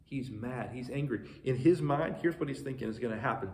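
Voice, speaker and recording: Animated pastor preaching, echoey room. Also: male voice, medium pitch, brisk, few pauses. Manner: conversational and animated, asks the congregation questions. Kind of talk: sermon.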